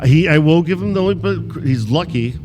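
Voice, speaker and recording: A man's voice: on the high side, expressive, fairly quick, long reverb tail, over music. Blunt, crude male podcast host. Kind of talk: casual comedic banter.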